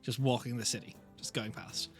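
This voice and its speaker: A man's voice: medium pitch, fairly even intonation, moderate pace, soft background music. A man narrating as game master of a tabletop role-playing game, casual and chatty, with fillers and laughs.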